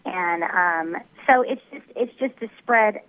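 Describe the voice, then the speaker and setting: A woman with a mixed Tennessee and Texas Southern accent speaks earnestly as a guest. She comes through a narrow, tinny phone line, and her pitch sits in a middle range. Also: slow. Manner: earnest and heartfelt. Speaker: guest singer. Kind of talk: phone interview.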